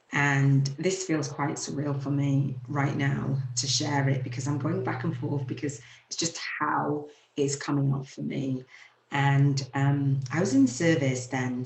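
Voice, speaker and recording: A woman in her forties, hosting her own show, telling a painful personal story in a halting, emotional way with many fillers. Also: rumbling low, darkish tone. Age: 40s. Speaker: host. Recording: echoey room.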